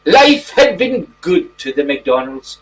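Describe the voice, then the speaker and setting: A man playing a genteel titled gentleman reading a mock bedtime story to children in a gentle, drawn-out way. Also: fairly high pitch, sing-song, soft background music. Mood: storytelling. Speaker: storybook reader. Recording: distant mic, faint background noise.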